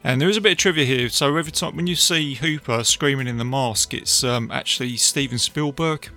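A man's voice: medium pitch, a little fast, pushed and bright, soft background music. A man hosting a casual film review podcast, retelling scenes in a chatty way with plenty of fillers. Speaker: podcast host.

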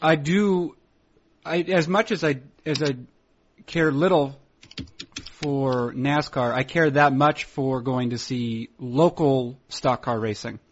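A man's voice: mid-range voice, slow pace. A man chatting casually as a podcast co-host, rambling with restarts and laughs. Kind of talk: casual chat. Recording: dull lo-fi recording.

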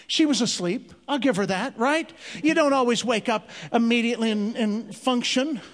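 High-pitched male comic, animated church stand-up, hall reverb. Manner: animated, drawn-out comic delivery. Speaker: comedian. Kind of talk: stand-up storytelling. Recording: long reverb of a large hall.

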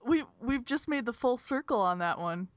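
A woman's voice: on the high side, animated, moderate pace, no echo. A woman with a Minnesotan accent hosting a podcast, chatting casually and laughing often. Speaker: podcast host. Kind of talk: casual chat. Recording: dull lo-fi remote call.

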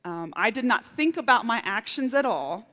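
A woman preaching a sermon, telling a personal story with lively, animated outbursts. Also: a little high, moderate pace. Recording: reverberant hall.

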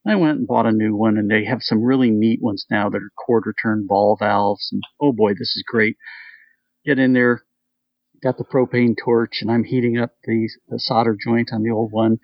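A man co-hosting a casual chat, telling a home repair story with lively, animated delivery. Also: moderate pace, no echo, lo-fi sound. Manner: animated storyteller, jumps up in pitch acting out his wife.

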